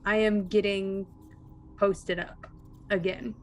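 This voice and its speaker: A woman's voice: mid-range voice, level tone, takes it slowly, a little hiss or hum. A woman playing a tabletop horror game, stating her character's actions decisively. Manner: decisive, laughing declarations of action. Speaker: player. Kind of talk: casual tabletop play.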